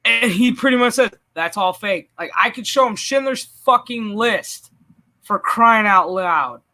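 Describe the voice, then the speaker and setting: A man hosting a casual stream chat, animated and profane, laughing often as he talks. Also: very high voice, a little slow. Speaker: channel host.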